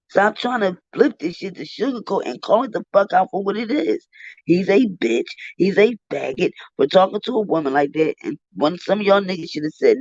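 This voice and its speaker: High-voiced man ranting, profane and indignant. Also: lively intonation, moderate pace, darkish tone, dry recording. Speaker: commentary streamer. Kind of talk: heated live commentary. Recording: dull dry lo-fi stream audio.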